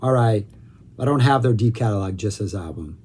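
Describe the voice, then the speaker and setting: A man's voice: fairly low pitch, lively intonation, a little fast, a little mellow, a little hiss or hum. A man hosting a music review vlog, talking in a casual, enthusiastic and rambling way, often correcting himself mid-sentence.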